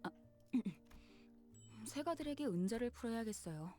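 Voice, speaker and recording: A woman voicing a cool, decisive young female fighter in a game, speaking briskly and confidently. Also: on the high side, lively intonation, darkish tone, soft background music, lightly acted. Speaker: game character. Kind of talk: dubbed game dialogue.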